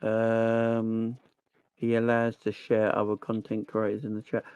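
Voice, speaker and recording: Brief: male stream host, animated slangy football talk, dry close sound. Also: lowish voice, measured pace, clear, resonant tone, dry recording, muffled recording. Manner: animated, slangy, answers chat. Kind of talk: casual live-stream chat.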